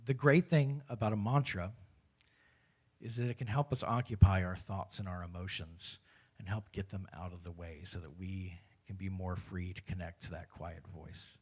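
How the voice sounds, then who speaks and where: A man guiding a spiritual community through a mantra and hand gesture in a relaxed, casual way, with frequent hesitations and restarts. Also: deep voice, normal speed, breathy edge. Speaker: meditation leader. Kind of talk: guided meditation instruction. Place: spiritual community service, live-streamed.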